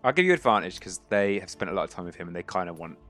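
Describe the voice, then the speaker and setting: A man narrates a tabletop game in a low voice, easygoing and a little halting. Faint music plays underneath him. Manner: relaxed, hesitant narration with fillers. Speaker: game master.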